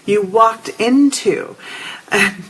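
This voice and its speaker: A middle-aged woman hosts a spiritual live show, telling stories with animation and chatting casually with viewers, naming them as she goes. Her medium-pitched voice has a breathy edge and drawn-out words, and the recording is low quality.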